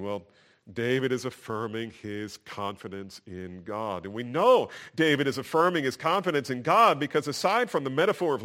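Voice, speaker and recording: Emphatic male preacher. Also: mid-range voice. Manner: emphatic preaching, swelling louder and slower on key phrases. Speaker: pastor. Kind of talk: sermon.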